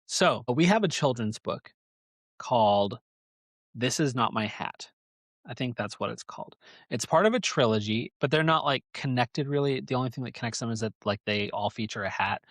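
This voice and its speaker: A man's voice: mid-range voice, animated, normal speed, a bit bright, no echo. A man hosting a podcast, telling a story casually in a rambling, joking way. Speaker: podcast host. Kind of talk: casual chat.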